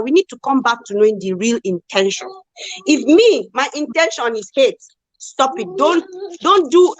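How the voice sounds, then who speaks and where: A woman talks in a casual live chat, pressing her points with rhetorical questions. Her voice sits fairly high. The sound is close and dry, with no room around it. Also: dry recording. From Nigeria. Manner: emphatic, animated, rhetorical questions. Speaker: co-host.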